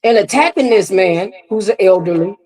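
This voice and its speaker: A woman's voice: medium pitch, expressive, normal speed, darkish tone, low-quality recording. Emphatic woman hosting live commentary. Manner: emphatic, repetitive, addresses viewers directly. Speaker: commentary host.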